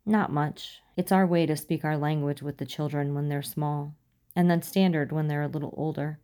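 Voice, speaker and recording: A woman reading a fan fiction story aloud, calm and unhurried, voicing the dialogue lightly. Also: sits low. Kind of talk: audiobook narration.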